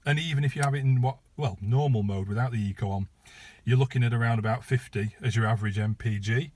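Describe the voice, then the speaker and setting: Sitting in his parked car, a British private seller gives a chatty, informal tour of the vehicle, full of ums and offhand asides. His medium-pitched voice is fast and somewhat dark in tone.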